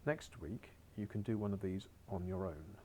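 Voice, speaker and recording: A man's voice: deep voice, moderate pace, dark tone, a little hiss or hum. Wry, encouraging male teacher. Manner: chatty, encouraging, wry asides. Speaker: Spanish teacher. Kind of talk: recorded screen-share lesson.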